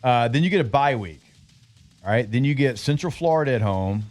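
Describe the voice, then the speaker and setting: A man hosting a radio sports show, chatting casually and running through fixtures in a loose, filler-laden way. His voice sits mid-pitch, with a faint music bed under the studio mic. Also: animated, fairly quick, darkish tone. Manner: loose, filler-heavy, rattles off schedules.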